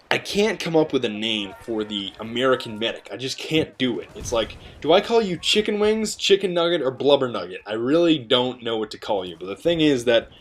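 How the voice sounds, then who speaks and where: A young man giving casual, joking gameplay commentary with rambling, chatty asides. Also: mid-range voice. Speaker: gaming video commentator.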